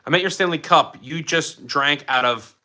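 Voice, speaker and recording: A man's voice: fairly high pitch, moderate pace, pushed and bright. A man from Philadelphia hosting a livestream, chatting casually and enthusiastically as he answers viewers' questions. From Philadelphia, USA. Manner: chatty, enthusiastic, jumps between topics. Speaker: livestream host.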